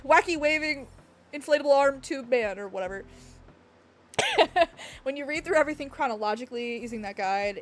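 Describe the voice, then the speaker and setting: A woman streaming, chatting excitedly and rambling, with frequent laughs and apologies. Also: sits high. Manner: gestures and hits the desk when excited. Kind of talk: excited livestream chat reacting to a game. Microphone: desk mic picking up thumps.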